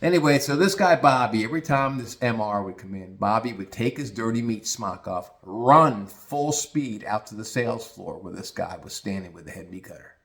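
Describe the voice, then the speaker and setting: A man's voice: lowish voice, lively intonation, normal speed, vocal fry, few pauses, fairly bright tone. Blunt, crude middle-aged storyteller man. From United States. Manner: blunt, crude, rambling with restarts. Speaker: podcast host. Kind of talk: casual storytelling monologue.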